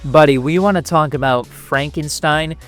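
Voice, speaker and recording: A man's voice: a little high, normal speed, soft background music. A man giving a profane, mocking reaction commentary, laughing between insults. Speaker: commentary youtuber.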